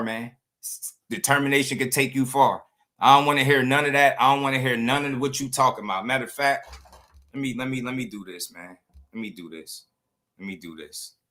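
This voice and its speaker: A man's voice: medium pitch, bright, forceful tone. A man hosting a boxing livestream channel, talking in a heated, blunt, slangy way and often repeating himself. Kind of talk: livestream commentary rant.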